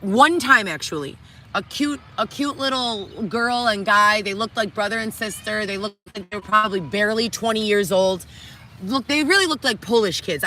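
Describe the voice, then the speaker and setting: A woman's voice: medium pitch, pushed and bright, slight background noise. A middle-aged woman on a reality show, delivering an agitated, profane, distraught monologue to the camera from inside a tent. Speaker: reality show cast member.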